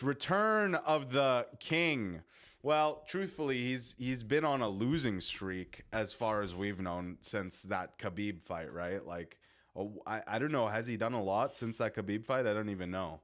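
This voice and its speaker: A man's voice: lowish voice, fairly bright tone. A young man live streaming, chatting casually with his viewers in a rambling, swearing way that keeps breaking off. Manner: rambling, swearing, self-interrupting.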